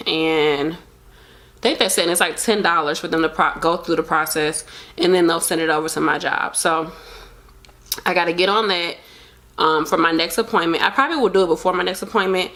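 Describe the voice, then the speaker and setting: A young woman vlogger talks casually to camera with a pregnancy update, open and emotional, rambling and using lots of fillers. Her voice is fairly low and fairly bright, at normal speed.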